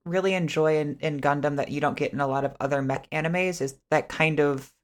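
Brief: woman, low voice, thoughtful anime podcast co-host. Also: steady tone, fairly quick. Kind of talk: casual anime discussion.

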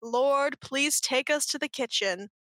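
A woman reading aloud as a gentle old reverend man who beams and preaches. The voice stays high and bright, close to the reader's own. It is dry and close up. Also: a little slow, no room sound. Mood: kindly. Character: kindly old male reverend headmaster with southern twang.

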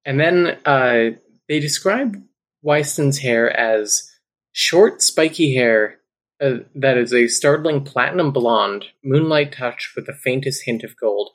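Wry, deadpan woman co-host. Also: rumbling low, slow. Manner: wry and deadpan, with hesitant fillers. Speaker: book podcast co-host. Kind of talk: casual book-club chat.

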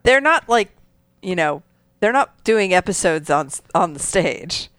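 A woman's voice: fairly low pitch, sing-song, measured pace, a bit bright, dry recording. A woman co-hosting a podcast, talking in an enthusiastic, chatty, self-deprecating way. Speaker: podcast co-host. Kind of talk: casual chat.

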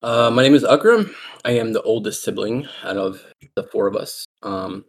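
A young man with a lowish voice, co-hosting a casual podcast over voice chat. His talk is loose and often profane, and it slows into hesitant fillers when he works through an idea. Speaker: podcast co-host. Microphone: voice chat recording.

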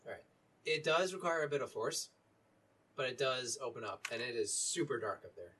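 Halting man narrating a tabletop game. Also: mid-range voice, breathy edge. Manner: relaxed, halting, many fillers. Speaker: dungeon master. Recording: voice a little distant from mic.

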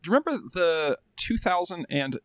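A man's voice: a little high, sing-song, fairly quick, dry recording, clean studio sound. A man co-hosting a comedy podcast, rambling through asides and laughing. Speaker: podcast co-host. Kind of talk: casual comedy chat.

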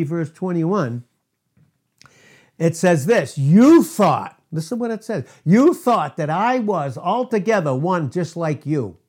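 With a high, slightly mellow voice, a male preacher delivers an emphatic, repetitive sermon. He stretches out stressed words when quoting scripture and laughs between his points.

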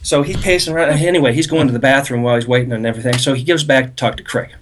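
A man's voice: mid-range voice, rapid-fire, slight background noise. Podcast co-host, male, rambling storyteller who laughs at his own prank tale. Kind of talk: casual storytelling.

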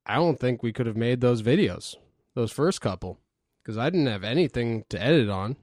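A man's voice: mid-range voice, expressive, moderate pace, a little mellow, no echo, studio quality. Man rambling in a casual chat. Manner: rambling storytelling with swearing and fillers. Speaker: podcast co-host.

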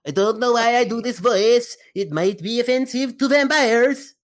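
A man's voice: very high-pitched, voice pushed up. A man putting on a hammy vampire-like announcer voice, drawing out his counting. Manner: theatrical, drawn-out counting. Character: campy vampire-like announcer voice, male.

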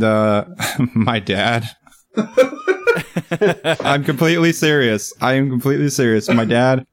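A man chatting casually as a guest on a podcast, talking freely and laughing often. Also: medium pitch. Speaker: podcast guest, comedy musician.

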